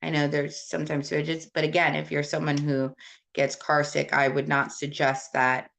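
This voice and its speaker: A woman's voice: deep voice, little pitch movement, normal speed, creaky, fairly bright tone. A woman from Puerto Rico hosting a casual live stream, answering viewer comments in a rambling, candid way with many fillers. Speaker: host.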